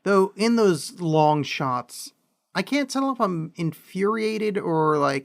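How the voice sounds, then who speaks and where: A man with a fairly high voice co-hosting a casual podcast about films. He stumbles and restarts often, then acts out reactions with bursts of energy. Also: animated, creaky. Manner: halting, many fillers and restarts, acts out quoted reactions. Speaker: podcast co-host. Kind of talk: casual film discussion.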